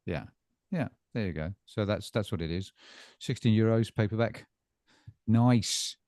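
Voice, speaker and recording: A middle-aged man co-hosting a casual bookstore chat, talking in halting bursts with lots of fillers and repeated words. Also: lowish voice, darkish tone. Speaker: bookstore staff co-host.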